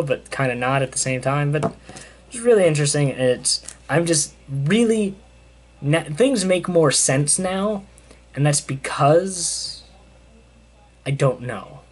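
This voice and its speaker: A young man casually recapping a comic in a loose, rambling way with lots of fillers. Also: a little high. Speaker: comic book reviewer. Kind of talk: casual chat.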